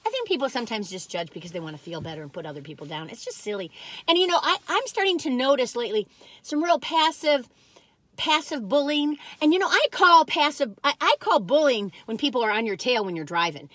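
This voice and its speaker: A woman's voice: high voice, very animated, brisk, fairly bright tone, no room sound. A woman in her sixties chatting casually as a cookie review vlogger, exuberant and rambling, breaking into whoops and laughter as she talks straight to her viewers. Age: 60s. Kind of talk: casual chat.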